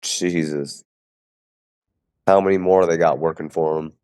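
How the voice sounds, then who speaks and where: A man's voice: very deep voice, fairly even intonation, unhurried, a little mellow, clear, resonant tone. A man hosting a casual podcast chat who reacts with blunt, outraged, swear-filled remarks.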